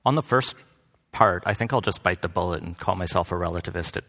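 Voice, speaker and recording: A man on a debate panel, answering questions in a relaxed, wry way. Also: sits low, fast talker, vocal fry. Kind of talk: public debate talk. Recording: long hall reverb.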